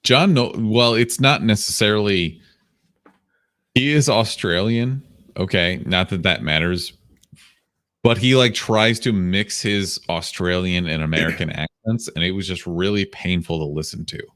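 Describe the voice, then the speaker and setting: A man's voice: deep voice, unhurried, a bit bright. A man co-hosting a podcast, sarcastic and argumentative, bluntly needling his co-host in casual chat. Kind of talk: casual chat, movie review.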